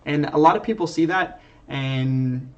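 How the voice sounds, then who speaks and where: A man's voice: fairly high pitch, a little slow, a little mellow. A young man, an Air Force sergeant, talking earnestly on a livestream and rambling with restarts and fillers, heard from a distance through a muffled mic. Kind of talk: livestream talk. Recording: distant, dull lo-fi stream audio.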